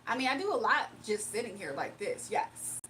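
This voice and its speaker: A woman's voice: fairly high pitch, big pitch swings, moderate pace, pushed and bright, slight background noise. Sarcastic, playful woman livestreamer. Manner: sarcastic, playful, laughs often. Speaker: livestreamer reading chat. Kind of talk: casual livestream chat.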